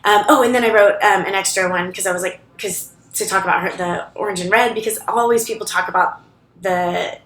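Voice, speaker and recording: A woman's voice: mid-range voice, a little fast, a bit bright. Chatty woman vlogging in an echoey room. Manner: rambling, chatty, many fillers and restarts. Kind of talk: casual chat to camera. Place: co-working space office library.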